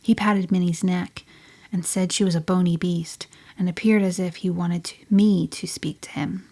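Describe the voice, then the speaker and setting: A woman voicing a spirited, headstrong teenage girl telling her story in an audiobook, often sinking to a breathy near-whisper. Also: on the low side, steady tone, moderate pace, dark tone. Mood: telling a secret. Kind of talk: audiobook reading.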